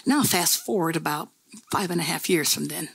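A woman's voice: deep voice, moderate pace, gravelly, fairly bright tone, slightly rough, dry recording. A woman pastor preaching a sermon in a conversational, folksy storytelling way, with repeated phrases.

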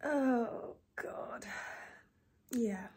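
Breathy, soft-spoken young woman vlogging. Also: on the high side. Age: 20s. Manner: soft, breathy and often close to a whisper, with many pauses and fillers. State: tearful, low and emotional. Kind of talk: casual personal video diary.

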